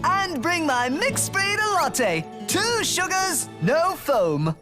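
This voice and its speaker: A woman voicing a gentle, over-formal posh boy in a cartoon, speaking in a prim and flowery way. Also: very high voice, sing-song, takes it slowly, full character voice. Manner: prim, flowery, extra polite. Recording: cartoon clip with music behind.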